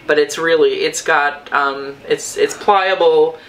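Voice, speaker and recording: A woman's voice: low voice, fairly even intonation, takes it slowly, a little hiss or hum, low-quality recording. A woman co-hosting a yarn shop podcast, chatting casually about knitting in a meandering way, with frequent restarts.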